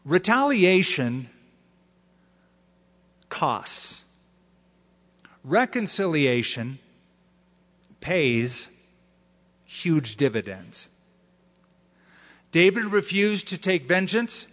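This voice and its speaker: A male pastor delivers a sermon in a voice pitched somewhat high, keeping it animated and joking as he acts out the people he quotes. His words ring out with the long reverb of a large hall. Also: very slow, long pauses.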